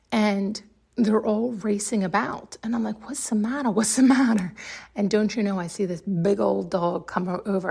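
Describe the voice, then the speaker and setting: A woman hosting a podcast, telling a story in a chatty, excitable way and laughing often. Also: medium pitch, gravelly, husky. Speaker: podcast host. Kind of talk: casual storytelling monologue.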